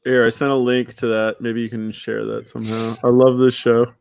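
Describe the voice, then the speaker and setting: A man's voice: mid-range voice, flat delivery, moderate pace, vocal fry, darkish tone, clean tone, no room sound. A man in his forties co-hosting a casual podcast, telling rambling stories and dropping into goofy voices. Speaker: podcast co-host. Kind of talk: casual chat.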